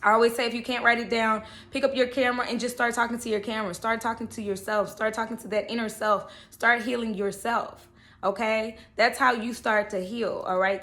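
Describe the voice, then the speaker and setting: A woman's voice: medium pitch, sharp tone. A woman giving a casual, chatty tarot reading, often checking in with "okay" and "all right". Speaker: tarot reader.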